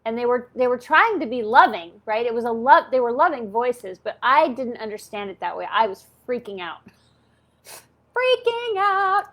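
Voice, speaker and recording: Higher-voiced chatty woman in her fifties. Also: very animated, normal speed, a bit bright. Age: 50s. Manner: chatty, peppers talk with "like" and "okay?". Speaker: channel host. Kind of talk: personal storytelling.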